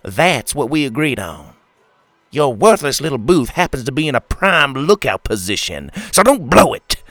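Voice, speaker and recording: A man voicing a smug, pushy fairground owner with a loud, whiny voice. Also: mid-range voice, big pitch swings, normal speed, no echo, voice pushed up. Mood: bossy. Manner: bossy, snapping.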